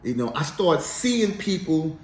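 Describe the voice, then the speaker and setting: Animated man telling a slangy story. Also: fairly high pitch, unhurried. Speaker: interview guest. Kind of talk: casual storytelling interview. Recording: echoey room, faint background noise.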